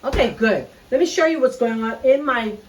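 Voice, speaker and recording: A woman's voice: on the high side, lively intonation, moderate pace, distant mic, rough recording. A middle-aged woman with a Bahamian accent, hosting a casual cooking video and chatting straight to her viewers. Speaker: cooking show host. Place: home kitchen. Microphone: phone camera.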